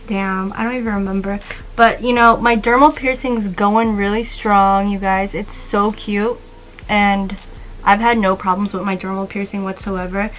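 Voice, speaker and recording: A woman's voice: medium pitch, little pitch movement, moderate pace, poor audio. Chatty young woman-voiced vlogger with a lisp. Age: 20s. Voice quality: slight lisp. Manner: rambling, chatty, casual swearing. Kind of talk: casual vlog chat.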